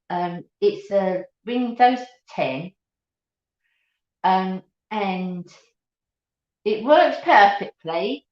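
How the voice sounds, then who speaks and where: A woman's voice: mid-range voice, a bit bright. Chatty middle-aged woman on a roomy live stream. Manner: chatty, laughing, greets viewers by name. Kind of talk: casual live chat with viewers. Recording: dull, roomy home recording.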